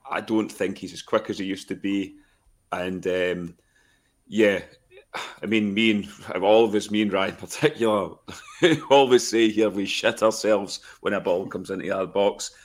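A man giving frank, animated opinions in a casual football podcast chat. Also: fairly low pitch, measured pace. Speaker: podcast co-host.

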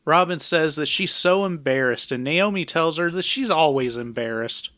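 Guy recapping a movie scene by scene on a podcast, kinda high voice, dry asides. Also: lively intonation, normal speed, sharp tone, no echo. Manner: plain, conversational plot summary with dry asides. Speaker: podcast co-host recapping a film. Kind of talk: casual recap narration.

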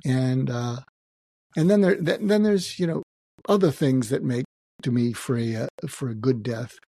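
An older man talks in a halting, reflective way, often restarting his sentences. His voice is husky and sits in a mellow, low register. The recording is dry and close. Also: dry recording. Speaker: guest psychiatrist. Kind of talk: emotional personal interview talk.

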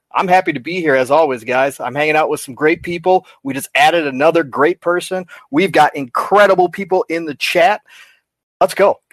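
An upbeat man speaking as a podcast panelist, his voice slightly high for a man. The sound is dry and close, with no room around it. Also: dry recording. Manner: upbeat and enthusiastic. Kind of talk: casual podcast chat.

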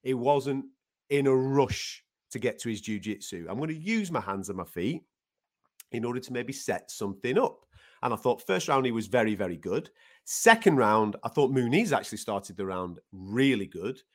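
A man co-hosting a sports podcast in casual chat. He is animated and swears casually. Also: mid-range voice, normal speed. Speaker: podcast co-host.

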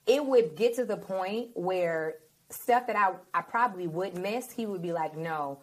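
A woman with a slightly low voice hosts a Christian talk conversation. She tells stories expressively and acts out the dialogue. Her delivery is animated and personal. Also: a little slow. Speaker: host.

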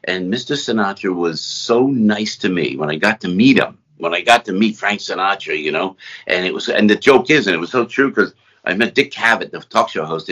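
A middle-aged man from New Jersey, a guest entertainer, telling rambling, animated anecdotes in conversation. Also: sits low, breathy edge. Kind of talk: conversational storytelling. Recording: slightly dull lo-fi sound.

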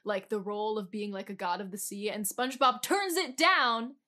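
A woman's voice: medium pitch, bright, forceful tone. A woman co-hosting a casual book podcast, chatty and wry, with lots of "like" and "um". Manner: chatty and wry, many "like" and "um" fillers, quick laughs. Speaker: podcast co-host.

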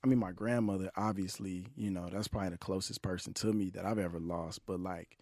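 A man hosting a podcast in a relaxed, casual way, easing into heartfelt questions. His voice sits on the low side. The studio sound is dry and close. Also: fairly quick, dry recording. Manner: relaxed, warm questioning with slang and fillers. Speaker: podcast host. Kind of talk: casual interview chat. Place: recording studio.

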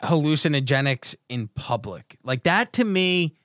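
A man co-hosting a casual chat, telling a rambling, excitable story. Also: on the high side, unhurried, dry recording, clean studio sound.

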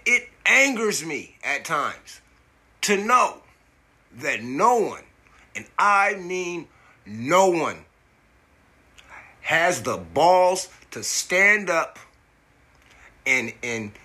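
Indignant man ranting in a slow drawl. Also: fairly high pitch, sing-song, bright, forceful tone, husky. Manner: indignant, profane, repeats words when worked up. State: coughing from smoking. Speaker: podcast host. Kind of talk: angry monologue.

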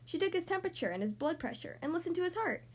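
A woman reads a children's storybook aloud with a high, bright voice. She sounds gentle and expressive. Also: very fast.

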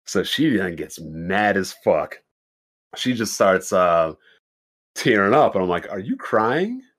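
A man's voice: sits low, animated, slow, a bit bright. A young adult man on a podcast telling a dating story in a blunt, profane, casual way, acting out both sides of the conversation in his own voice. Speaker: podcast host.

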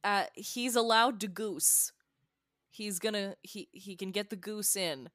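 A woman's voice: medium pitch, a little slow, fairly bright tone, dry recording. Female player, breezy and playful, dry close sound, home game session. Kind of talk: tabletop role-play.

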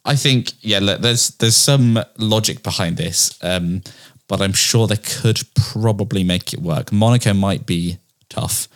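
A man co-hosting a casual podcast chat, dry and quick with short quips. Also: fairly low pitch. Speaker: podcast co-host.

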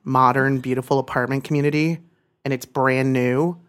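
Woman co-host, deep for a woman, fired-up profane rant. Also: fairly even intonation, moderate pace, clear, resonant tone. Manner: ranting, emphatic, profane. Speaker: podcast co-host. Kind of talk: casual chat.

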